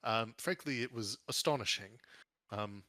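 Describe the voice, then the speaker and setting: A man's voice: on the low side, unhurried, bright, forceful tone. A man voicing a weary male wizard ally who speaks hesitantly and formally.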